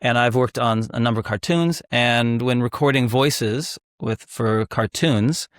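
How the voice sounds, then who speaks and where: A man hosting an interview in a relaxed way, asking thoughtful questions with pauses and fillers. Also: mid-range voice, no echo, studio quality. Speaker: host. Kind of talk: casual interview.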